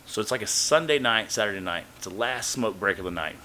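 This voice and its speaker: A man with a fairly low voice rattles off a casual podcast story, cursing freely and voicing the characters he quotes with animated energy. A little hiss or hum can be heard in the recording.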